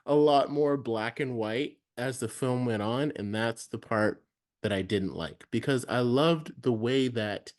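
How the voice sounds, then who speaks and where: A man co-hosting a casual film review, talking in a relaxed, rambling way with many fillers. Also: medium pitch, measured pace. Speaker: podcast co-host.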